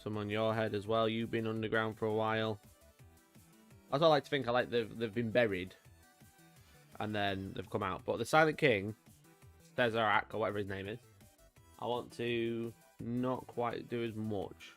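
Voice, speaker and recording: This fairly low-pitched male voice has a fairly bright tone, fairly even intonation and normal speed, with long pauses and faint music behind him. He's a UK livestream host painting miniatures, chatting casually and greeting viewers by name.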